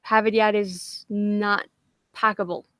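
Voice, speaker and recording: A woman's voice: mid-range voice, little pitch movement, takes it slowly, dry recording. A woman with a Boston accent hosting a casual livestream, swearing constantly and rambling with self-deprecating jokes. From Massachusetts. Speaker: livestream host.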